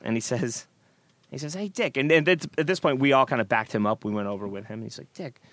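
Animated man telling road stories. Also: mid-range voice, fast talker, no echo. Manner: animated storyteller acting out quoted voices. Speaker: guest musician. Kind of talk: storytelling in a podcast interview.

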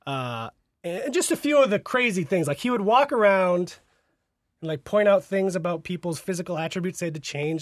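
A man's voice: high-pitched, lively intonation, moderate pace, no room sound. A man in his thirties co-hosting a podcast, telling a laid-back story and laughing often. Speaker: podcast co-host. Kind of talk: casual chat.

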